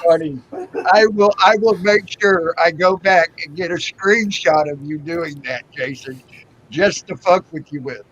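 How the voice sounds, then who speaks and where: A man's voice: a little high, a little slow, a bit bright, highs cut off, a little hiss or hum. A man hosting a casual online panel, teasing the guests and stumbling over his words. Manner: teasing, stammering restarts. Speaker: host. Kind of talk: casual banter.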